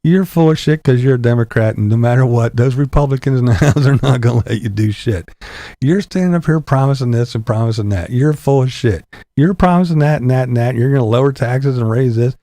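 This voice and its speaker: A man's voice: medium pitch, brisk, warm tone, dry recording. A man delivering an angry, profane political rant with blunt sarcasm. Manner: angry, blunt, heavy swearing, sarcastic laughs. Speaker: political commentator vlogger.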